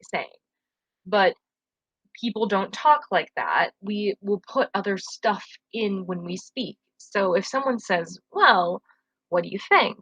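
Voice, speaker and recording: Bright, dry-voiced woman teacher. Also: mid-range voice, no room sound, rough recording. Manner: friendly, explanatory, casual fillers. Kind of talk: recorded grammar lesson.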